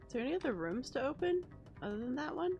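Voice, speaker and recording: A woman's voice: high-pitched, fast talker, gravelly, highs cut off, soft background music. Role: streamer. Sex: woman. Style: casual live-stream chat. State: sleepy. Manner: chatty, relaxed, thinking out loud. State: sleepy, yawning. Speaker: game streamer.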